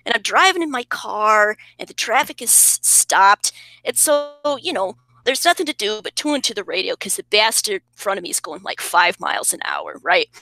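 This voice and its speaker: A woman's voice: mid-range voice, vocal fry, bright, forceful tone, dry recording, heavily acted. A woman doing an impression of a famous male singer-pianist telling an emotional story over a video call.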